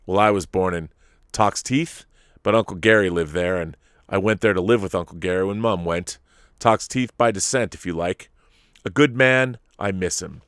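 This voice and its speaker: A man's voice: sits low, a bit bright, no room sound, studio quality. An actor playing a slightly drunk former spy from Liverpool in his fifties, giving a rambling, sardonic, sweary confession with a Liverpool accent in an audio drama monologue. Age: 50s.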